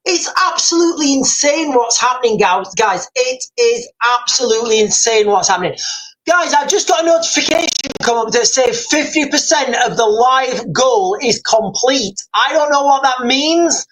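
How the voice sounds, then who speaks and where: A man's voice: very high-pitched, a bit bright, low-quality recording. A man hosting a live stream, talking casually, rambling and repeating himself as he reads out viewer comments.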